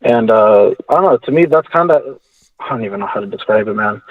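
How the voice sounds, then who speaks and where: A man's voice: on the low side, animated. Rambling male caller on a phone line. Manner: rambling, halting, many fillers. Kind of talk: casual phone call.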